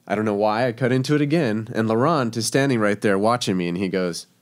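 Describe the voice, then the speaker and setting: A man's voice: on the low side, fast. A man, a professional chef from Texas, telling stories in a casual interview, chatty and laughing, with many fillers.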